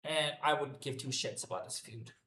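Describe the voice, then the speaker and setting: A man's voice: medium pitch, moderate pace, bright, forceful tone, echoey room, a little hiss or hum. A man giving an unscripted, profane and exasperated solo rant reviewing a wrestling show.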